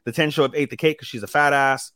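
A man's voice: mid-range voice, fast, no room sound, clean studio sound. Man animatedly recapping an anime. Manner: animated retelling with acted-out quotes and swearing. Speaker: podcast co-host. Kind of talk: casual anime recap chat.

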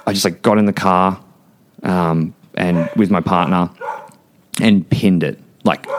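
A young man with a low, deep voice talks as a podcast guest. His speech is casual and unpolished, packed with "like" and "dude", and he swears bluntly as he tells a personal story. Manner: blunt, heavy swearing and filler words.

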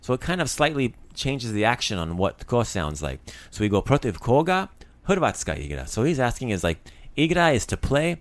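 A man hosting a casual language lesson, lively and explaining words with many fillers and restarts. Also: mid-range voice, moderate pace, dry recording. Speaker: language podcast host.

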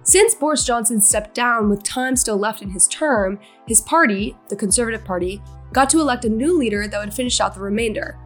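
A woman's voice: a little high, brisk. A woman news correspondent narrating a scripted explainer in a breezy, chatty way, with faint music behind her.

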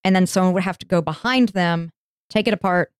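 A woman's voice: fairly low pitch, fairly quick, clean tone, no room sound, clean studio sound. A woman hosting an educational podcast, narrating history casually with jokey asides and easy laughs. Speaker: podcast host.

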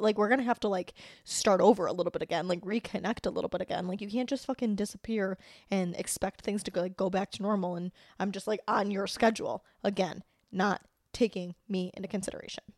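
A woman's voice: mid-range voice, darkish tone, no room sound. Brief: young woman podcast host, casual solo rant, blunt and profane, dry close mic. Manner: blunt, profane, lots of "like" fillers.

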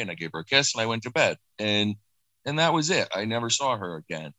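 A middle-aged man speaking haltingly and softly, with many restarts, as he recounts a personal loss. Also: fairly low pitch, sing-song, no room sound, poor audio. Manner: halting, restarts, soft and reflective. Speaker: guest sharing personal loss. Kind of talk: emotional personal account.

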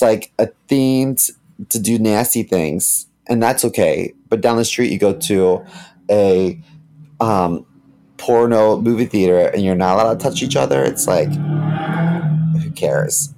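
A man in casual podcast chat, rambling and cracking deadpan jokes. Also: lowish voice, slow pace.

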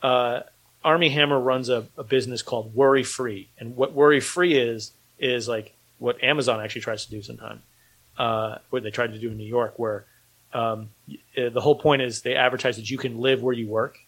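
Husky-voiced man chatting about movies. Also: mid-range voice, fairly even intonation, fairly quick, a bit bright, low-quality recording. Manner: rambling, enthusiastic, many restarts. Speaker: podcast host and filmmaker. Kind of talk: casual chat.

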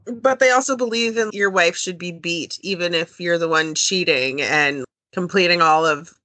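A woman's voice: fairly low pitch, moderate pace, sharp tone, no room sound. A woman co-hosting a podcast in casual chat, searching for words and making emphatic points.

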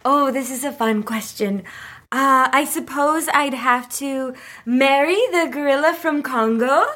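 A woman guest on a comedy podcast, answering in a matter-of-fact, deadpan way. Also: high voice, unhurried.

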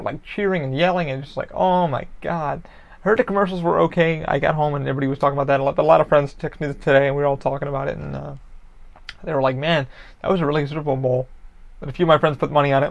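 A young man talks on his own podcast in a loose, swearing, animated ramble. His voice is gravelly and sits a bit high. The recording sounds dull and lo-fi. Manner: rambling, profane, animated sports talk. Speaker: podcast host. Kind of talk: casual solo ramble.

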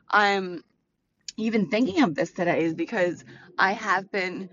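A woman's voice: mid-range voice, measured pace, fairly bright tone, muffled recording, slight background noise. An American woman hosting a podcast while driving, talking earnestly and reflectively with many fillers, near tears. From United States. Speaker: podcast host. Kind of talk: casual solo podcast monologue.

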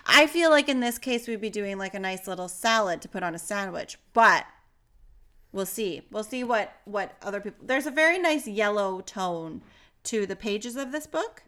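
Bright-voiced playful young woman. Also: mid-range voice, expressive, normal speed. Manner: playful, giggly, drifting off topic. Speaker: podcast co-host. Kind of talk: casual chat.

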